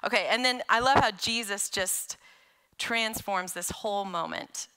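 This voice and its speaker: Woman, guest preacher, bright tone, conversational sermon, animated delivery. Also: medium pitch, unhurried, clean tone. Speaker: guest speaker. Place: church sanctuary.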